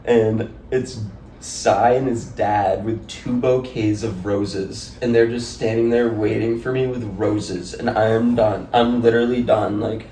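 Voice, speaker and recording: Gravelly young man telling a rambling story. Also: on the low side, steady tone, a little slow, mellow. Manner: rambling, laughing, heavy use of "like". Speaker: podcast guest. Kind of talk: casual storytelling. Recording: echoey room, distant mic, faint noise.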